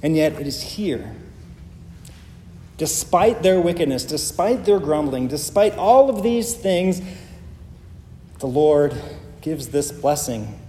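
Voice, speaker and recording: Mellow-voiced male pastor preaching in a hall. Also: on the high side, expressive, slow pace, long pauses, a little hiss or hum. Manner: emphatic, builds through repeated phrases. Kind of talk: sermon. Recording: long reverb of a large hall.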